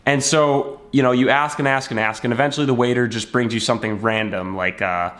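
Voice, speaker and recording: A man speaking casually to his viewers about self-improvement. He explains his point through a story and slips into bits of acted-out dialogue as he goes. His voice sits at an ordinary middle pitch for a man. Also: steady tone, brisk, fairly bright tone. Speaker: self-help video creator. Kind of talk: casual motivational talk to camera.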